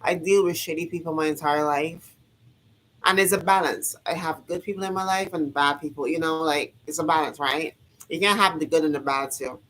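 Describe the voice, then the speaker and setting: A woman with a notably low voice talks straight to her viewers in a loose, motivational vlog. She hammers her points home by saying them again and again, preaching and swearing casually as she goes. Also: normal speed, a bit bright, a little hiss or hum, poor audio. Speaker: vlogger.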